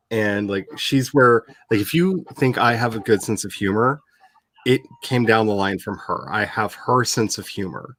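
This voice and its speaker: Fairly low in pitch and moving at a moderate pace, this man hosts a casual writing livestream as an author. His storytelling is animated and laugh-filled, softening into tenderness and emotion when he reminisces.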